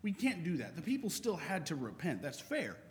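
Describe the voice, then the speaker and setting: A man preaches a sermon in an easy, conversational manner, reading scripture aloud as he goes. His voice sits fairly high for a man. The room carries a long, hall-like reverb. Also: wildly swooping pitch, brisk, a little hiss or hum.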